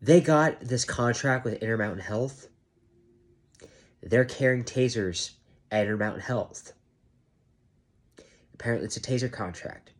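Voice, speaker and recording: Half awake, a security guard vents to his camera at an unhurried pace, pausing often. He's emphatic and curses deliberately, frequently imitating managers in a high, mocking voice.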